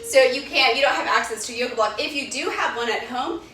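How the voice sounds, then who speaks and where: A woman leading a live-streamed yoga workout from home, giving calm step-by-step cues and countdowns, a little out of breath. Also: high-pitched, fast. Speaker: yoga instructor. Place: home room. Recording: echoey room, far from mic, music behind.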